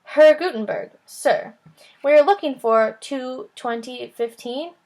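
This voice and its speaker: A woman voicing a sensible boy of about twelve who speaks in a steady, matter-of-fact way in a children's book reading. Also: high-pitched, takes it slowly.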